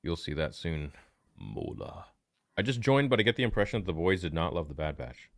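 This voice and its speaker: A man's voice: low-pitched, sing-song, fairly quick, no room sound, clean studio sound. A man co-hosting a livestream, reading viewer chat aloud in a loose, upbeat way with casual swearing. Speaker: co-host reading live chat.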